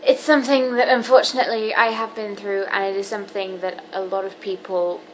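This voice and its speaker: A seventeen-year-old woman talking candidly to camera in a personal vlog, earnest and halting with frequent ums. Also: medium pitch, flat delivery, a little hiss or hum, low-quality recording. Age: teens. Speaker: vlogger.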